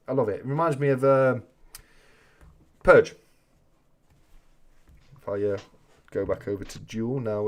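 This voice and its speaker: An Englishman hosts a casual livestream, chatting and joking as he reads out comments. His voice sits at a middling pitch. He keeps a loose, conversational delivery. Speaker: host of a coin-collecting live chat.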